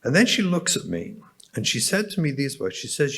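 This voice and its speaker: A man's voice: mid-range voice, very animated, fairly quick, fairly bright tone. An English man, a rabbi, delivering a storytelling keynote address and speaking directly to the audience. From England.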